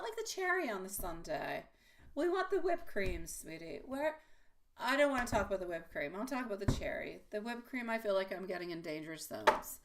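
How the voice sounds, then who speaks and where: A woman giving a live tarot reading to her viewers. She talks in a chatty, rambling way, full of fillers and restarts. She calls people sweetie and dear. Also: mid-range voice. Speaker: tarot reader.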